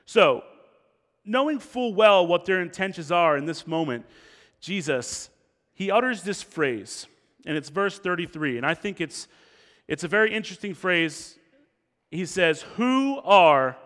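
A man preaching an expository sermon, animated, acting out the crowd's lines and dropping low and slow for quotes. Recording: long reverb of a hall.

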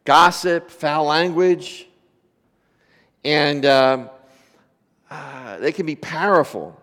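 Joking preacher in an echoing church. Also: male voice, on the high side, drawn-out words, a bit bright. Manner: conversational, joking with the congregation, rhetorical questions. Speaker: pastor. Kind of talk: sermon. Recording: long reverb of a church hall.

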